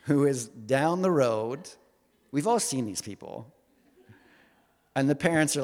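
A man's voice: medium pitch, animated, moderate pace. A man preaching a sermon in a conversational, humorous way, often asking the congregation questions. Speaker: pastor. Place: church hall with congregation. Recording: long hall reverb.

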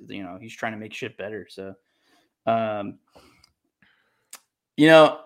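A man's voice: mid-range voice, a bit bright. A young man in casual sports chat, laid-back and hesitant, with many fillers.

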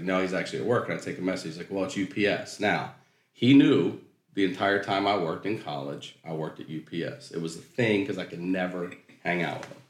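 A man from Maryland telling a profane, animated comic story as a guest storyteller, laughing through his punchlines. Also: deep voice, reverberant. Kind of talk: comedic storytelling.

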